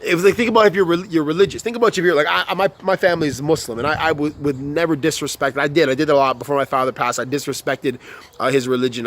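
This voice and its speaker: A young man ranting to camera with a lot of swearing, stumbling and restarting his sentences, and growing heated. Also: medium pitch. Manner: profane, repetitive, heated and restarting. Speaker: vlogger. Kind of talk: unscripted motivational rant.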